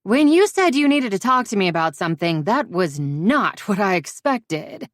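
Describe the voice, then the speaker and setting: A woman's voice: medium pitch, lively intonation, moderate pace, no echo, clean studio sound, voice pushed up, natural voice. A woman voicing a blunt, caring young female best friend in an audiobook, with a brash, forthright manner. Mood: shocked. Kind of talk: audiobook dialogue.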